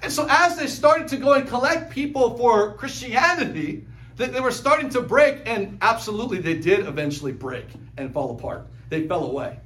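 High-voiced man preaching a sermon. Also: animated, fairly bright tone. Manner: conversational preaching, quick asides, chuckles. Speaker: pastor.

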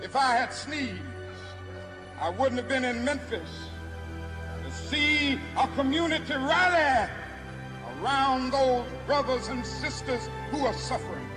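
A man preaching to a live crowd, speaking in rhythmic repeated refrains that build to ringing shouts. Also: very high-pitched, animated, unhurried. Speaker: preacher and civil rights speaker. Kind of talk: impassioned oratory to a live crowd. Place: large hall before an audience. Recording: archival speech with long hall reverb and music behind.

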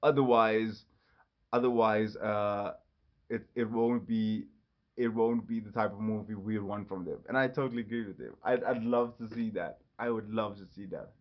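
A man hosting his own casual solo podcast, rambling and jumping quickly from topic to topic. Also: lowish voice, steady tone. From Ireland. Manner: rambling, jumps between topics. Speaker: podcast host. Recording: slightly dull lo-fi audio.

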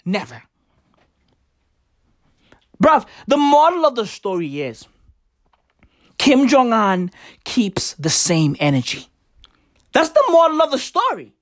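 A woman with a high voice delivers a stand-up rant at an unhurried, deliberate pace. She is profane and emphatic, and she keeps punching her points with slangy asides. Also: very animated, dry recording, clean studio sound. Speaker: comedian.

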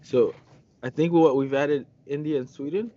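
A man's voice: a little high, steady tone, moderate pace, mellow. A man co-hosting a casual podcast, talking hesitantly with many ums and frequent laughs. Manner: hesitant, lots of ums, giggly. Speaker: podcast co-host. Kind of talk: casual chat. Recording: muffled lo-fi audio with faint background noise.

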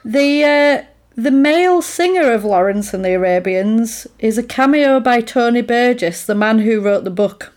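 A woman's voice: a little high, animated, moderate pace, a little mellow. A woman in casual conversation, recapping a film plot and acting out the characters' lines as she goes. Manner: chatty retelling, acts out characters' lines in quotes. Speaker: podcast co-host recapping a film. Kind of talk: casual chat.

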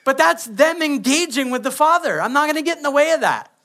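A man's voice: extremely high pitch, animated, a little fast, sharp tone. A man, preaching a sermon as pastor and acting out quoted kids and prayers.

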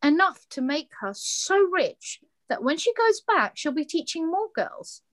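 Very animated and sitting high in pitch, her voice moves at a measured pace. This London founder, appearing as a guest, speaks passionately and emphatically about her fashion brand, frequently performing quoted dialogue as if replaying conversations.

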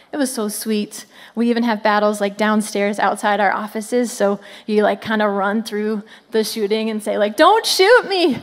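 A woman in her thirties giving an animated children's ministry sermon to families, often calling out "come on" to the crowd. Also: mid-range voice.

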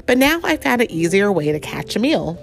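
A woman voicing a kindly, patient old grandfather bear in a storybook, speaking slowly and gently. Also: medium pitch, sing-song, gravelly, a little hiss or hum. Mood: gentle.

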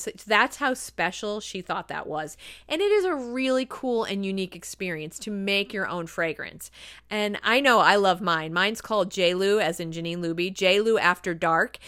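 A woman's voice: medium pitch, a bit bright, clean tone, no room sound, clean studio sound. A woman hosting a casual podcast, telling a travel story in a chatty, enthusiastic way with many asides, a little tired and losing her voice. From northeastern Pennsylvania, USA. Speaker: podcast host.

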